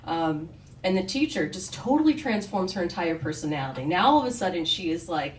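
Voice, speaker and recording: Storyteller: woman, lowish voice, candid wry delivery, roomy distant live recording. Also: big pitch swings, brisk, slight background noise. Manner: candid, conversational, with wry asides. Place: story night venue.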